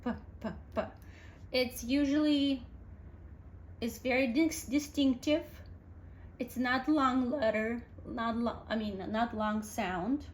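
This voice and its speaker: A woman with a slightly high voice gives an alphabet lesson at a very unhurried pace. She patiently spells words out letter by letter and repeats each sound. A faint hiss sits underneath her voice. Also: steady tone. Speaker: language teacher.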